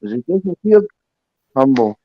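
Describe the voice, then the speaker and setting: A man's voice: mid-range voice, big pitch swings, moderate pace, no room sound. Man chiming in with sweary remarks. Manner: short swearing interjections. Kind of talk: casual banter on a live stream. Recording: dull, dry lo-fi sound.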